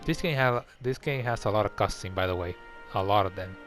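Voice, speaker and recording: A man's voice: fairly low pitch, fairly quick. A man giving rambling, casual commentary over a video game he is playing. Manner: rambling, chatty. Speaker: let's play commentator. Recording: game music behind.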